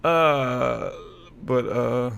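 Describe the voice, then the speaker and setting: A male reaction video host giving incredulous, animated commentary and repeating his questions. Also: mid-range voice, drawn-out words, gravelly, clear, resonant tone.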